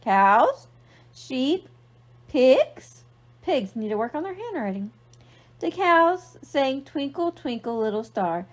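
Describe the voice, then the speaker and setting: A woman's voice: high-pitched, sing-song, takes it slowly. A young woman librarian reading a picture book aloud to children, playful and asking them questions. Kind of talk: storytime read-aloud for kids.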